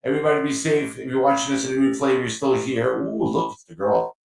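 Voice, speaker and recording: A man's voice: medium pitch, quick pace. A man hosting a casual livestream, chatting in a rambling way and laughing at himself. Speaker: livestream host. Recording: echoey mic with faint music.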